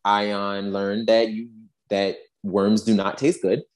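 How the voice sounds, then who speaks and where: A woman's voice: a bass voice, flat delivery, slow, a little mellow. A woman co-hosting a podcast in casual chat, telling a story in an emphatic, exasperated way. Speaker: podcast co-host.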